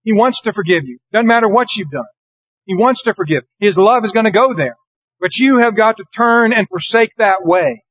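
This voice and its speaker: A man delivers a sermon in a fairly high voice, reading scripture slowly and earnestly. The sound is dry and close, with little room around it. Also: expressive, fairly bright tone, no room sound, poor audio. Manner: earnest, deliberate, slows for scripture. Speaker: preacher.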